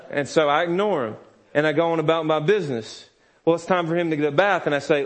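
A man preaching a sermon with a fairly high voice, candid and self-deprecating. He laughs often through his stories and drops into his small sons' whiny voices. He sounds like a pastor in his thirties. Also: fast.

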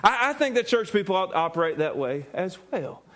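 A pastor delivers a sermon in a high voice for a man. He is animated, often repeats and restarts his words, and laughs as he talks. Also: brisk.

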